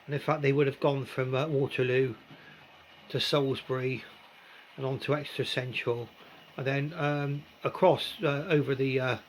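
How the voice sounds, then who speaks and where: A man's voice: mid-range voice, little pitch movement, moderate pace, a little hiss or hum. A man, chatting casually about model railway pieces while filming on his phone. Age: 60s. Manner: chatty and rambling, with gentle asides. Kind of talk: casual hobby commentary.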